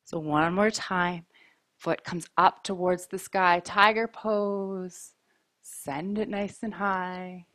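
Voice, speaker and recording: Yoga teacher lady, low-ish voice, super slow calm cues, dry close mic. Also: no room sound. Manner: calm, slow, mindful cueing. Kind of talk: guided yoga class instruction. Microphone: wearing a mic.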